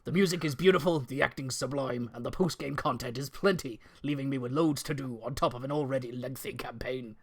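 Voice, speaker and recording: A man's voice: medium pitch, a little fast, vocal fry, hardly any pauses. A man reading a friend's comic game review script aloud in a put-on West Country accent. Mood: mock-grand. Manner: amused, stumbling over mild fake swears. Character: absent male co-host read aloud, mock American-turned-West Country.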